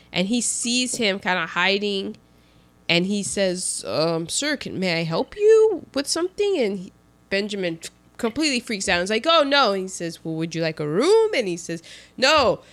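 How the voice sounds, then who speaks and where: A woman's voice: lowish voice, normal speed. A woman in casual chat, retelling a film scene by scene, acting out the characters' lines with lots of restarts. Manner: animated, acts out lines with restarts.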